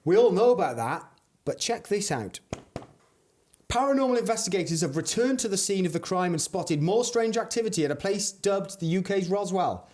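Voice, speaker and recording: A man's voice: high-pitched, lively intonation, moderate pace, darkish tone. A young adult man hosting a comedic podcast, reading strange news stories with mock-dramatic delivery. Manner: dramatic storytelling reads, playful banter. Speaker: podcast host.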